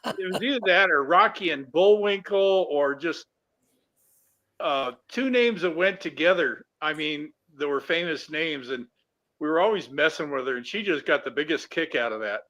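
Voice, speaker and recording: A man tells lively anecdotes during a casual stream chat. His voice is bright and sits somewhat high. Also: normal speed, muffled recording. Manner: animated anecdote teller.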